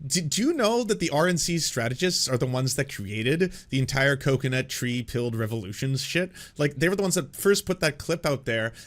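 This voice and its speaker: A man's voice: medium pitch, expressive, moderate pace, hardly any pauses, a bit bright. A man hosting political commentary, reacting to played clips with sarcasm, laughter and profane asides.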